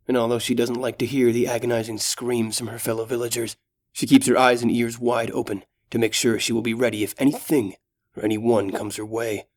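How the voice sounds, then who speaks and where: Brief: male audiobook narrator, steady and dramatic, mid pitch. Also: brisk.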